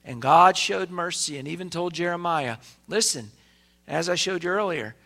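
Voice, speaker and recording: A man preaching a sermon to his church, swinging between loud emphasis and hushed asides. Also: sits high, lively intonation, moderate pace, gravelly. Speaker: pastor.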